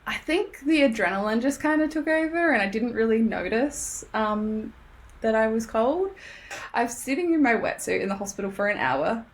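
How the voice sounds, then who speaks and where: A young Australian woman tells a podcast host a story, animated and laughing often while performing other people's words. She talks at a moderate pace in a somewhat high voice.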